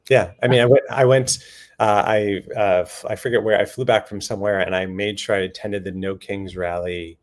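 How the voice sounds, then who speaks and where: A man speaking as a panel guest in a casual discussion, earnest and animated, slipping quick quoted asides into his stories. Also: fairly low pitch. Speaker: panel guest on voting and redistricting.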